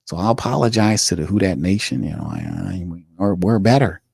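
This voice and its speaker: This is a man's mocking take on a flustered male sports executive, stammering and stalling as he mumbles his way toward an apology. The voice sits low and quiet, recorded close and dry with no room sound. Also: very animated, brisk, gravelly, slightly rough, no echo, heavily acted. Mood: sheepish.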